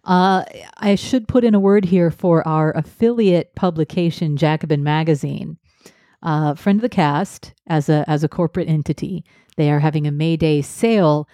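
A woman's voice: low voice, moderate pace, warm tone, dry recording. Dry-voiced woman podcast co-host. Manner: dry, self-deprecating, many "uh" fillers. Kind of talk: casual podcast chat.

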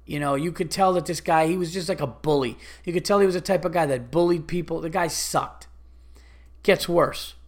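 Profane, exasperated man ranting. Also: a little high. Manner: profane, exasperated, mimics others in quick asides. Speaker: podcast host. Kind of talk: casual storytelling rant.

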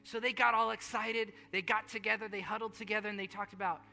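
A man preaching a sermon as pastor, earnest and repetitive, moving between hushed storytelling and rising appeals. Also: high voice, flat delivery, fast, gravelly. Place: large church hall. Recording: long hall reverb with faint music.

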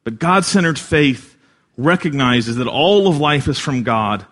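A man preaching a sermon in an earnest way, swelling louder for emphasis and dropping soft at key lines. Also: medium pitch, expressive, measured pace. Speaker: pastor.

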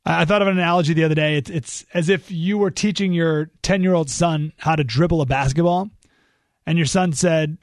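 A man hosting a talk radio monologue. He speaks in a fairly high, animated voice that jumps into exclamations. The sound is dry and close on a studio microphone. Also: fairly quick, dry recording. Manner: animated, exclamatory, thinking aloud with restarts. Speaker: radio talk show host.

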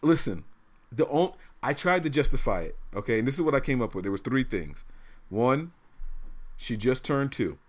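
Animated storytelling man. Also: medium pitch, moderate pace. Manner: animated storytelling, laughs often. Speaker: podcast co-host. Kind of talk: casual chat.

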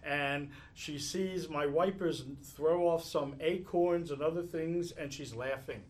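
A man leads a live meditation talk, answering questions through animated anecdotes punctuated by regular chuckles. His pitch is on the higher side, and his delivery is slow.

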